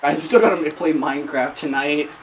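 A young man playing a video game at home and chatting casually with friends. He is excitable, laughs a lot and yells at the game. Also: fairly high pitch, brisk, slight background noise. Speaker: player. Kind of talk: casual gaming chat. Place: basement at home.

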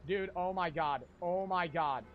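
A young man streaming a cooking game, talking to his chat in a frantic, profane, yelling way. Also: sits high, measured pace, narrow, tinny audio, slight background noise. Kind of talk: gaming livestream commentary.

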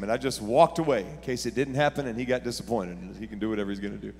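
A man preaching a sermon as pastor, telling stories and building to shouted preaching. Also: mid-range voice, very fast, hardly any pauses, in a large hall. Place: church sanctuary.

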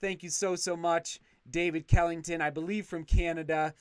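Livestream host, male, effusive and excitable; smooth, resonant tone. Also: fairly high pitch, moderate pace, dry recording, clean studio sound. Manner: excitable, effusive thanks, frequent restarts. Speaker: channel host reading live chat. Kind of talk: casual livestream chat.

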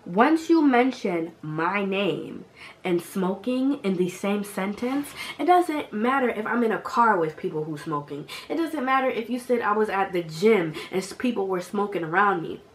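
A young woman vlogger telling a storytime, animated and slangy, speaking straight to her viewers. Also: mid-range voice, normal speed, a little hiss or hum. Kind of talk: storytime vlog.

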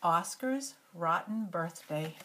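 Animated older woman reading a picture book. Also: on the low side, takes it slowly, a little hiss or hum. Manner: animated, stops to talk to the child.

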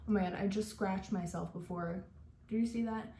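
A woman's voice: mid-range voice, fairly even intonation, moderate pace, mellow, slight background noise. A young woman, a makeup artist, chatting casually through a makeup tutorial, gushing and saying "like" a lot. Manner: chatty and gushing, heavy use of "like". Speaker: makeup artist and beauty vlogger. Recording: echoey room.

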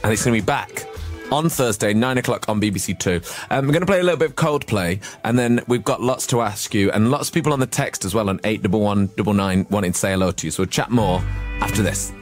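A man's voice: lowish voice, fast talker, soft background music. A man hosting a breakfast radio show, chatty and playful, filling his sentences with "like". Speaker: radio host.

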